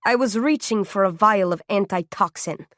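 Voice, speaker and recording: A woman voicing Death, an ancient armored knight who speaks in a calm, patient, accented, deep and raspy way. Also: normal speed, no echo, studio quality, lightly acted.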